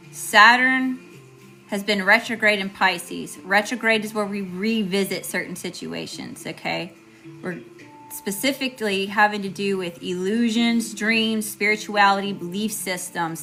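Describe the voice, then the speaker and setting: A woman's voice: medium pitch, steady tone, measured pace, sharp tone, soft background music. A woman giving a live tarot reading, chatty and informal, greeting viewers and often checking in with "okay?". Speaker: tarot reader.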